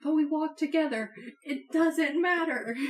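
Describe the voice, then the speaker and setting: Woman doing a whiny dumb two-headed giant, bickering with itself, highish voice. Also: measured pace. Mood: squabbling. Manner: whiny, squabbling.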